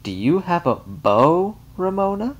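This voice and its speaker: A man's voice: sits high, big pitch swings, unhurried, voice pushed up, heavily acted. A man voicing a gushing, girlish young woman visitor.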